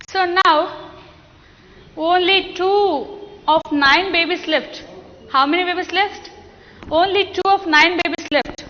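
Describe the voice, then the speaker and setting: A woman teacher with an Indian English accent, slowly explaining a lesson to children and coaxing the class with questions. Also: high-pitched, bright, forceful tone, a little hiss or hum. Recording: dull lo-fi sound with long echo.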